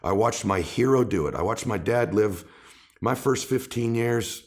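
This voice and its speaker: A man's voice: lowish voice, normal speed. A middle-aged man talking in an interview, passionate, building emphasis through repeated phrases. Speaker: podcast guest and author. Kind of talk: conversational interview.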